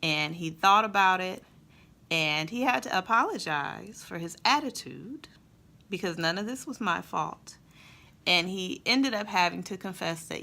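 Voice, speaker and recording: A woman and mother telling a family story in a casual, expressive way, then drawing a faith lesson from it. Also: on the low side, unhurried, creaky. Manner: conversational, expressive, with fillers. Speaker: mother and Christian vlogger.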